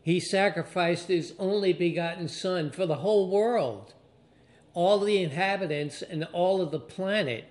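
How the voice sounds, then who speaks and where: A pastor preaching a sermon to his congregation, slowly stressing key phrases and drawing out his emphasis. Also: high-pitched. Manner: slow, deliberate preaching with drawn-out emphasis.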